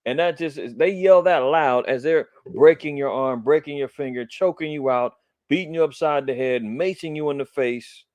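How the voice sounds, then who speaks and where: A man's voice: a little high, moderate pace, darkish tone, dry recording. A middle-aged man from Los Angeles hosting a religious commentary show, indignant and preacherly as he comments on the news and reads scripture with emphasis.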